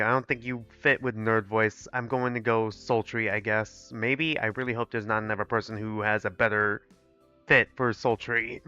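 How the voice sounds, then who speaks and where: A man's voice: on the low side, little pitch movement, normal speed, sharp tone, smooth, no room sound, dull audio, soft background music. A man reading game text aloud on a live stream and chatting between lines. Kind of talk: live gameplay reading and commentary.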